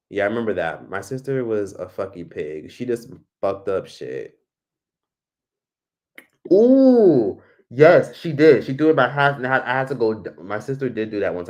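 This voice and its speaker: Chatty low-voiced man on a livestream. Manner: chatty, animated, swearing freely. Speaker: livestream host. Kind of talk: casual livestream chat reading comments.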